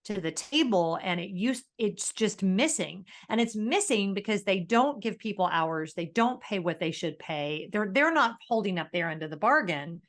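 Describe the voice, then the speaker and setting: A woman co-hosting a podcast, talking in a casual, animated way as she rants and often laughs. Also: mid-range voice, normal speed, few pauses. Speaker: podcast co-host.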